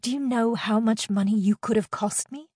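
A woman voicing a haughty, matronly high priestess who speaks in a scornful, cutting way. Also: normal speed, warm tone, breathy edge, dry recording, clean studio sound.

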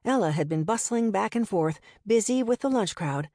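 A woman reading a novel aloud in the first person, in a steady, conversational storytelling manner. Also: mid-range voice, moderate pace, dry recording, clean studio sound. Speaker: audiobook narrator.

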